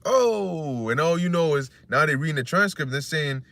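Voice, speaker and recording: A man's voice: a little high, animated, normal speed, gravelly, few pauses, fairly bright tone, dry recording. A man preaching casually on scripture, rambling and conversational, acting out voices he quotes and cursing freely.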